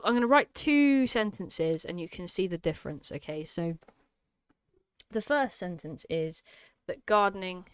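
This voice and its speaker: A woman's voice: fairly low pitch, clear, resonant tone, no echo. A woman teaching an exam-prep lesson, emphatic and explanatory, often checking in with "okay?". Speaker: English tutor.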